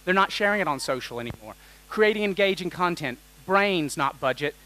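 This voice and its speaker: A man delivers a lively keynote talk from a conference stage. His voice sits a bit on the high side, and he keeps things playful and quick-witted, throwing questions out to the audience as he goes. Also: poor audio. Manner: energetic and jokey, quizzing the audience.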